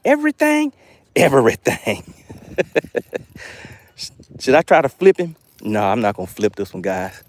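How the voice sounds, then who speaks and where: Speaking at a medium pitch over slight background noise, this man runs a fishing livestream outdoors from a boat on a lake. He's playful, jokes with his chat, reads their comments out loud, and invents words to hype up each catch.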